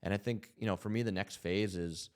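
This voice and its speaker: Deep-voiced man telling a story. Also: steady tone, brisk, clean tone. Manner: earnest, reflective, many "you know" and "like" fillers. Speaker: podcast host. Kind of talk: casual podcast storytelling.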